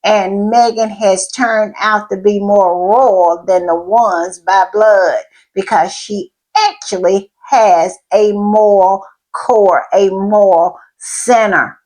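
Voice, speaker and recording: A woman's voice: mid-range voice, steady tone, slow pace, a little mellow, poor audio. A woman giving casual opinion commentary on royal news, stressing points by repeating words and laughing between remarks.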